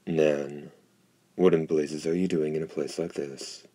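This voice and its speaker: A man voicing a stern, gruff father who scolds and commands. His tone is very deep and monotone, with a husky texture throughout. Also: a little slow. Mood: scolding.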